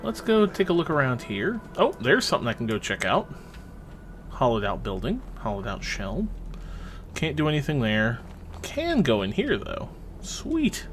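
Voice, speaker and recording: Excitable young man narrating gameplay. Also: mid-range voice. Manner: excitable, chatty, swears freely. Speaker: let's play host. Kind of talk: casual gameplay commentary.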